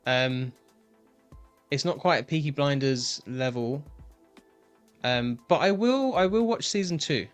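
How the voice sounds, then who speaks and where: A man on a panel show giving his opinion slowly, hesitating with lots of ums. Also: medium pitch, expressive, smooth, faint music behind. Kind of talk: casual panel chat.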